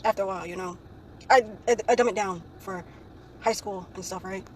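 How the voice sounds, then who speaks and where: A young woman with a medium-pitched, slightly mellow voice talks a little fast while telling a story in a casual vlog. She rambles with many "like, um" fillers and finishes phrases with "right?". The recording is low quality, with slight background noise.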